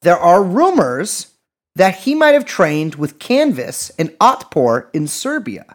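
A man's voice: sits high, sing-song, takes it slowly. A man co-hosting a casual political podcast, joking around, swearing freely and often restarting his sentences. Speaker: podcast co-host.

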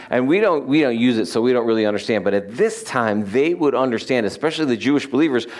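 A pastor delivers a conversational sermon with a fairly high voice, mixing explanation and jokes. He talks loosely, restarting phrases and filling pauses as he teaches. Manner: conversational, humorous preaching with fillers.

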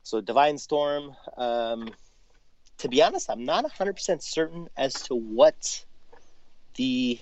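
A man's voice: medium pitch, takes it slowly, no echo. Canadian man talking casually on a dull, dry line. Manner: relaxed, explains patiently with frequent fillers. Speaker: podcast guest, brewer. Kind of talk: casual chat. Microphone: phone call.

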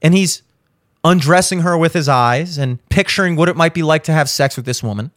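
A man's voice: a little high, brisk, a bit bright, dry recording, studio quality. A man hosting a show, ranting bluntly about relationships with heavy swearing and insistent repetition. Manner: insistent, repeats points for emphasis. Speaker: show host. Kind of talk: blunt opinion monologue.

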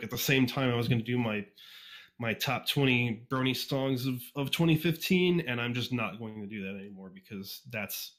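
Speaking at medium pitch with a fairly bright tone, a man who reviews fan fiction chats as a guest in a casual podcast interview. His talk is rambling and self-deprecating, peppered with fillers and false starts.

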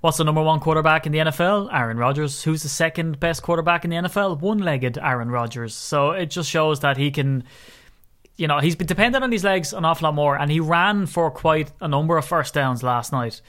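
Male co-host, lively and jokey, fairly high voice, casual sports chat. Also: fairly quick. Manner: animated, joking, exaggerating with rising pitch. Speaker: podcast co-host.

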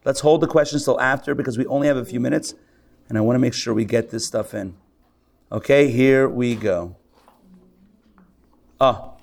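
A man teaching a live class as a rabbi, animated, acting out the voices of people he describes. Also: mid-range voice, normal speed, creaky, long pauses. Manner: animated, acts out excited and grumbling voices. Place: lecture room with a live audience.

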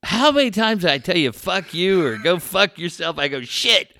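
A middle-aged man telling radio stories in casual chat, animated and profane, laughing often. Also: high voice, normal speed, no echo, clean studio sound.

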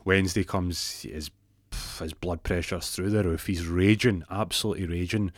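A man's voice: low voice, fairly even intonation, normal speed, no echo, studio quality. A man telling a rambling comic anecdote, acting out phone calls with stammering restarts. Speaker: comic storyteller.

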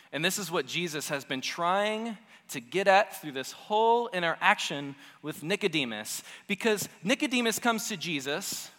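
A man preaching a sermon in a conversational, animated teaching manner, often repeating phrases for emphasis. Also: a little high, big-room sound.

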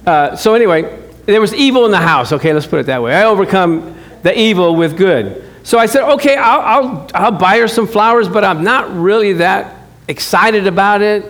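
High-voiced man telling a sermon story. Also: normal speed. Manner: animated storytelling, acts out dialogue, chuckles often. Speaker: pastor. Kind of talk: sermon with personal stories.

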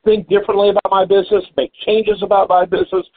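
Man, podcast host, husky voice, fairly high pitch, tinny phone-line sound, relaxed chatty delivery. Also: quick pace. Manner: conversational, thinks aloud with fillers and repeats. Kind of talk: casual business interview. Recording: phone-like call audio.

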